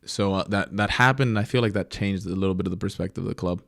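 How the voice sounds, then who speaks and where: A young man, a professional goalkeeper, telling stories in a casual interview, reflective and lively when he acts out what others said. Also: low voice, fast, vocal fry, dry recording, clean studio sound.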